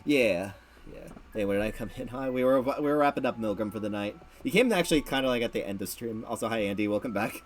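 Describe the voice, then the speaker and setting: A man's voice: mid-range voice, lively intonation, fast talker, slight background noise. A man hosting a casual late-night stream chat, rambling and repeating words, laughing often. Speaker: streamer host.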